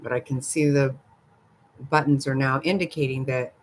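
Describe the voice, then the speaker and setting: A woman's voice: rumbling low, steady tone, normal speed, a little hiss or hum. An older woman hosting a casual livestream, chatting gossipily with viewers and giggling often. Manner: giggly, gossipy, talks back to chat. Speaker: livestream host. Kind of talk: casual live chat with viewers.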